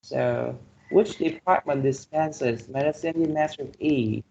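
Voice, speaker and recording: A man's voice: on the high side, gravelly, mellow, dull audio, a little hiss or hum. A male English teacher with a Vietnamese accent, giving an online class lecture and checking in with "okay" and "right?" after nearly every phrase. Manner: slow, repeats "okay" and "right?" to check understanding.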